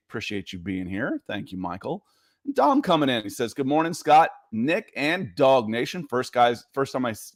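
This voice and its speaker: A man co-hosting a live-streamed sports chat with a middle-pitched voice. He tells stories with lively energy and reads out viewer comments. The sound is dry and close, with no room echo. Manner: animated storyteller, reads viewer comments aloud. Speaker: podcast co-host.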